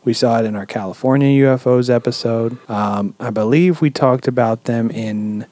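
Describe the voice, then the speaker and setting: A man hosting a podcast, telling a story in a relaxed, chatty way with lots of "um"s and casual swearing. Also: mid-range voice, moderate pace, dry recording. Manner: relaxed, swears freely, many "um"s. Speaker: podcast host.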